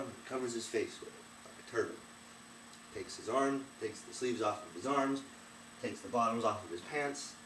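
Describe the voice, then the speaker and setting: A young man in his twenties retells a fairy tale in a chatty, animated way. His voice sits on the low side. The recording is roomy and a little distant from the mic, with faint ambience behind. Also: a little hiss or hum. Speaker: storyteller. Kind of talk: casual story retelling.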